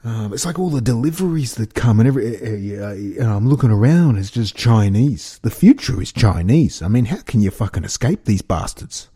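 A man's voice: fairly low pitch, animated, moderate pace, few pauses, warm tone, breathy edge. An Australian man rambling through a casual monologue to his viewers, with an incredulous, chuckling way of talking. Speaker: vlogger.

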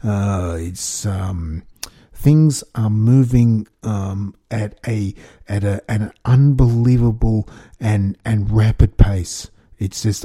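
A man's voice: fairly low pitch, dark tone, breathy edge, no room sound, clean studio sound. A man hosting a solo podcast, rambling and ranting with many ums and restarts. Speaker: podcast host.

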